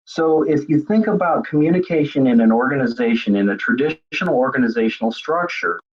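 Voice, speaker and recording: Middle-aged male webinar presenter, husky voice, conversational and a bit halting, muffled lo-fi audio. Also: mid-range voice, lively intonation. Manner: conversational, repeats words while thinking. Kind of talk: webinar lecture. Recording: dull lo-fi web seminar audio.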